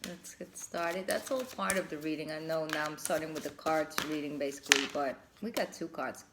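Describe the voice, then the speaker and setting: A woman's voice: low-pitched, normal speed, background noise. Effusive woman giving a tarot reading. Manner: effusive, laughs often, thinks aloud with restarts. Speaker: tarot reader. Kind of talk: casual tarot reading monologue.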